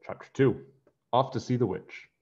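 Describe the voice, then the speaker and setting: A man reading a children's picture book aloud in a friendly, animated way. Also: mid-range voice, normal speed. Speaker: storybook reader. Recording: dull lo-fi home recording.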